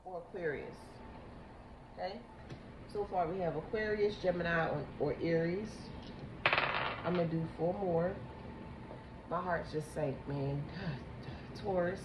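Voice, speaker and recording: A woman giving a psychic tarot reading, halting and emotional, repeating herself as she talks. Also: on the low side, muffled recording. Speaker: tarot reader. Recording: echoey room with background noise.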